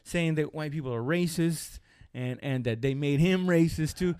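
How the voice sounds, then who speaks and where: A man with a high, light voice tells a street story in loose, profane chat. He acts out the shouting people in it. The sound is close and dry. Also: normal speed, smooth, no echo.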